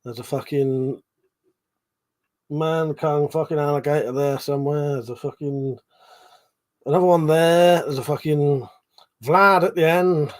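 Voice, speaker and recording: A man's voice: a little high, measured pace, long pauses. A man hosting a casual livestream, rambling, swearing freely and reading viewers' chat aloud. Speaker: livestream host.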